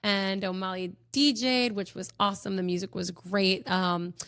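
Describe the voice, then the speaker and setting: A young woman tells stories on her own podcast in a bubbly, gushing way, giggling often. Her pitch sits in the middle for a woman. The recording is close and dry, with no room sound. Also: fairly even intonation, normal speed, fairly bright tone, smooth, no room sound. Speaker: podcast host. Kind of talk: casual chat.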